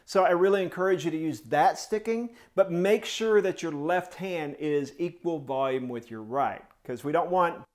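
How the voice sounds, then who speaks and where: Man, drum teacher, slightly higher voice, sings rhythms in syllables, counts off, encouraging tutorial. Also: normal speed, few pauses. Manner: coaching and encouraging. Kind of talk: step-by-step music tutorial.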